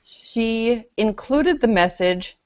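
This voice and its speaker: Woman panelist, unhurried and wry, lively up-and-down delivery, dull dry call audio. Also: fairly high pitch, no echo. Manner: wry, dry sarcasm when reading comments aloud. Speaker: panelist on a skeptics web show. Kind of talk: casual panel chat, presenting a news story.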